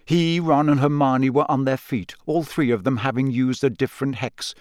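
A man reads the narration of an audiobook at a steady storytelling pace. His pitch sits in the middle range and the recording is dry and close. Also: normal speed, no room sound. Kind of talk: scripted narration.

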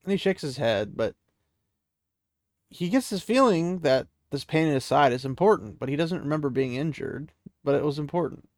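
A man's voice: fairly high pitch, animated, normal speed, no room sound, studio quality. A man casually retelling a fantasy story in a chatty, loose way, with many "he's like" asides.

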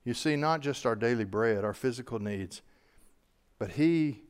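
A man preaching a sermon as a pastor who teaches on the Psalms, earnest, spelling out Hebrew names letter by letter and moving between swelling emphasis and soft, slow passages. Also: medium pitch, clear, resonant tone. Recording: long hall reverb.

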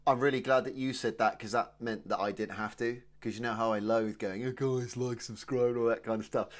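A man's voice: lowish voice, steady tone, fairly quick. A man from England with a British accent, co-hosting a podcast in a chatty, matey way. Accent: British English. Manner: chatty, matey, says "mate" a lot. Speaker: podcast co-host. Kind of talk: casual chat.

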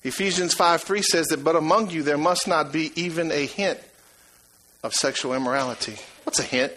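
A man preaching a sermon, emphatic and repetitive, swinging from loud to hushed. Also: a little high, normal speed, rough recording.

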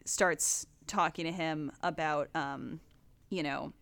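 A woman co-hosting a casual podcast, breaking down game lore in an animated, profane way. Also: low voice, no room sound. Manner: animated, profane, quick asides. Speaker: podcast co-host.

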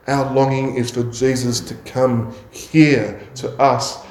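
A man of middle pitch preaching slowly and deliberately, stacking up phrases in steady repetition. His voice rings in a noticeably echoey room. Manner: slow, measured preaching with emphatic repetition. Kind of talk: sermon.

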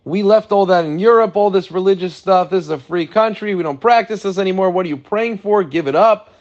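A man voicing an angry, scornful secular father who shouts at a child. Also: high voice, a little fast, dull audio, lightly acted.

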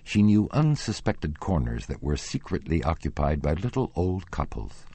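A man with a very deep, husky voice narrates a classic novel. His storytelling is measured and expressive, and his pitch moves widely. The recording is dry and close to the mic. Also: dry recording. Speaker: audiobook narrator.

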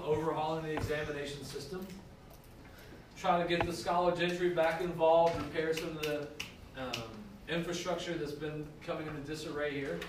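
Man teaching history, higher voice, recorded from far off in an echoey classroom with background noise. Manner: conversational, checks in with students. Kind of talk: classroom lecture.

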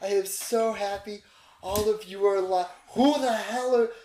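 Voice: medium pitch, normal speed, warm tone, a little hiss or hum, voice pushed up, lightly acted. A game master voicing Hope, a drunk and overjoyed female tiefling who talks in giddy exclamations. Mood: frantic relief. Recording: roomy echo.

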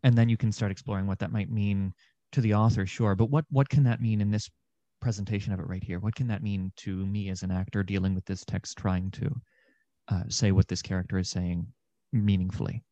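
A man's voice: on the low side, fairly even intonation, a little fast, mellow, no echo, muffled recording. A young man, an actor and podcast guest, talking through ideas in a thoughtful, meandering way with many fillers. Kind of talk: casual conversation.

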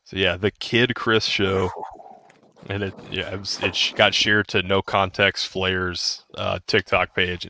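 A man's voice: low-pitched, little pitch movement, a little slow, pushed and bright. A man in his thirties co-hosting a podcast, rambling casually with restarts and laughs. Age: 30s. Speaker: podcast co-host. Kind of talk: casual chat.

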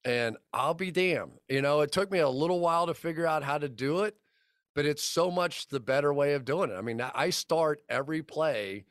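A man's voice: on the high side, moderate pace, fairly bright tone, clear, resonant tone, no echo, studio quality. A man in his fifties, a football broadcaster, telling rambling anecdotes on a podcast and acting out the dialogue. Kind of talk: casual podcast storytelling.

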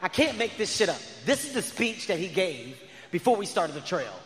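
A man in his thirties performing a stand-up comedy set, telling stories with loud animated outbursts. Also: sits high, moderate pace. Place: large arena stage. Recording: live arena with long reverb.

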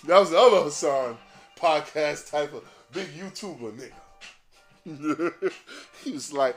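A man's voice: on the high side, a little slow, soft background music. A man hosting a podcast in a casual, rambling monologue, swearing freely and laughing at his own jokes. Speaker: podcast host.

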